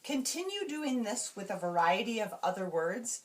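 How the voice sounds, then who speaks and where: A woman explaining classroom reading routines to teachers, slowly and carefully, and modeling each word sound by sound. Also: mid-range voice, big pitch swings. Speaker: teacher trainer.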